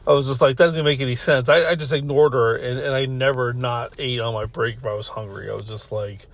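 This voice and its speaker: A man's voice: mid-range voice, steady tone, a little fast. A man hosting a podcast from his car, telling a story in a loose, rambling way. He swears a lot, laughs often and keeps restarting his sentences. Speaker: podcast host. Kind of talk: casual storytelling.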